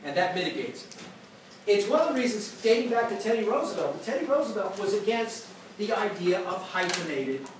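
A man teaching history, lecturing and answering student questions with lively storytelling and frequent restarts. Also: high voice. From United States. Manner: animated storyteller, repeats words when starting sentences. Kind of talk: classroom lecture and Q&A. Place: classroom. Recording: echoey classroom recorded from far off with noise.

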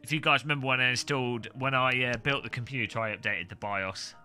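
A man's voice: medium pitch, fairly even intonation, fast, sharp tone, soft background music. A man streaming a casual unboxing, rambling and joking as he reads out foreign words in silly voices. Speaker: tech streamer.

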